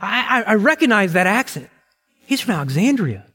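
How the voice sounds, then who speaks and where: A man's voice: high-pitched, big pitch swings, a little fast, pushed and bright, husky, pitched above the performer's own voice, full character voice. A preacher voicing an eager, friendly husband who stammers as he talks, heard with a long hall reverb.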